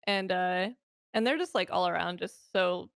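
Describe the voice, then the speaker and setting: Female guest, relaxed and easygoing, mid pitch, dry sound. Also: moderate pace, creaky, smooth, dry recording. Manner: relaxed, lots of "like" and "you know". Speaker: guest streamer. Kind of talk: casual interview chat.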